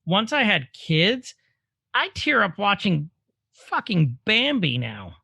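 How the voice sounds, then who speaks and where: A man in his thirties co-hosting a casual podcast, animated, laughing easily and admitting he tears up at films. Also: sits high, takes it slowly, gravelly, husky, dry recording. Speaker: podcast co-host. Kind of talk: casual chat.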